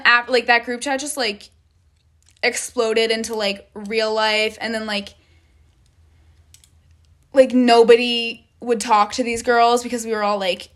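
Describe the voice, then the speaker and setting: A woman's voice: a little high, flat delivery, unhurried, pauses often, a bit bright. A young woman telling a casual storytime vlog, rambling with lots of "like" and frequent swearing. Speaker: vlogger.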